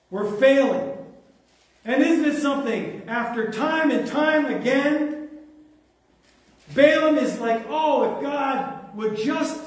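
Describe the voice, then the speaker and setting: A man delivers a sermon in a strikingly high voice, pressing his points with rhetorical questions. The sound is awash in heavy reverb and captured from a distance, as if from the back of a large hall. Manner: emphatic, with rhetorical questions to the congregation. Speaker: preacher. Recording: very echoey, from far off the mic.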